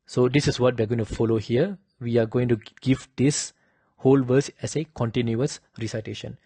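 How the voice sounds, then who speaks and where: A man teaching the pitch accents of a devotional chant, explaining slowly and patiently and chanting drawn-out higher examples. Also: fairly even intonation, dark tone, breathy edge, no echo.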